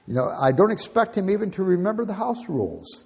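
Older man, husky voice, conversational teaching talk, long hall reverb, muffled lo-fi recording. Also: high voice, big pitch swings, brisk, a little mellow. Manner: conversational, folksy, plain-spoken. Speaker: Christian parenting teacher.

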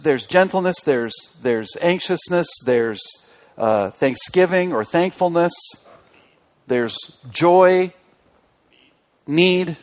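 A male pastor giving an interactive sermon, asking the congregation questions and repeating key phrases. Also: a little high. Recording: dull lo-fi recording.

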